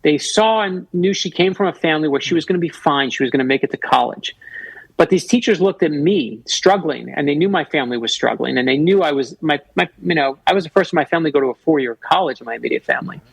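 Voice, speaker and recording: Gravelly, husky man telling a story. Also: a little high, dry recording, poor audio. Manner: animated, fast storytelling with restarts. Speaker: guest author. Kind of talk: storytelling on a radio talk show.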